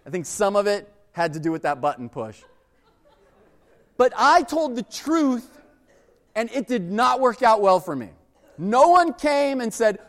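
A young man preaching a sermon, telling stories with lively acted-out quotes. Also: high-pitched, measured pace, long pauses. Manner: animated storytelling with acted-out quotes. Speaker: pastor. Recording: long reverb of a large hall.

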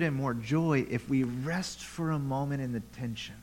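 A man's voice: mid-range voice, moderate pace, a little mellow, poor audio. Man preaching a conversational sermon. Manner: conversational preaching with rhetorical questions and repetition. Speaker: pastor. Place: church.

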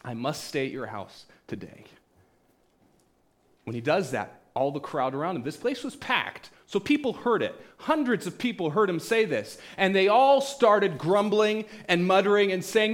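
A pastor preaching a sermon, retelling stories with acted-out quoted voices, swinging between loud bursts and hushed, quiet passages. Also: male voice, high-pitched, animated, moderate pace.

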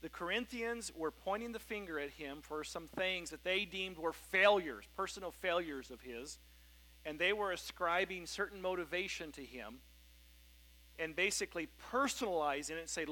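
A middle-aged man, a pastor, preaching a sermon in a relaxed storytelling way, with frequent fillers and restarts. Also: sits high, normal speed, low-quality recording. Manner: conversational storytelling, many fillers and self-corrections.

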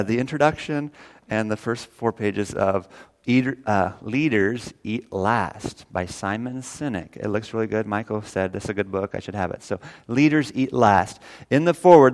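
Man, pastor, folksy earnest sermon, mid pitch. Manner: folksy, earnest preaching, rises loud when quoting scripture. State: briefly tearful.

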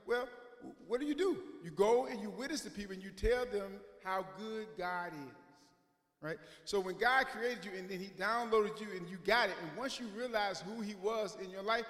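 A man's voice: sits high, a bit bright. A male pastor preaching a sermon in a conversational way, often checking in with "right?" as he retells the story. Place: church sanctuary. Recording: echoey hall reverb.

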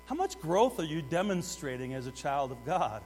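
A middle-aged man preaching a sermon, swinging between loud urgent exhortation and hushed asides while putting direct questions to the congregation. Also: fairly high pitch, big pitch swings, normal speed. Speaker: pastor. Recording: long hall reverb with mains hum.

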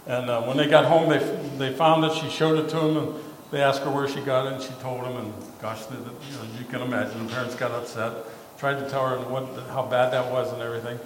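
A male pastor telling a story in a casual, halting sermon full of fillers and repeated words. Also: mid-range voice, steady tone, a little hiss or hum. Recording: echoey hall with faint ambience.

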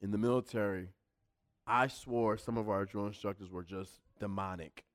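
A man's voice: on the low side, fairly even intonation, normal speed. A man preaching a sermon in a fervent, emphatic style, driving points home through repetition.

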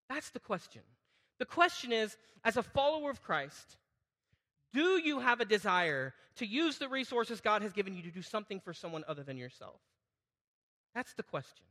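A middle-aged man preaching a sermon in a church hall, animated, asking the congregation questions and acting out what people say in a raised voice. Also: high voice. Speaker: pastor. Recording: hall reverb.

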